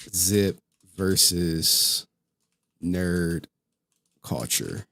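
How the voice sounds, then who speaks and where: A man's voice: lowish voice, lively intonation, measured pace. A man hosting a livestream, chatting casually and rambling to his viewers with frequent laughs. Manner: rambling, laughs often, talks to chat. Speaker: livestream host. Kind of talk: casual stream chat.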